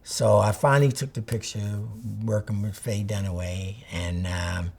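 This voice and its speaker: Gravelly older man telling stories. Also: lowish voice, steady tone, a little slow, a little mellow, a little hiss or hum. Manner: rambling storyteller, acts out old conversations. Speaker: photographer interviewee. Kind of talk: reminiscing interview.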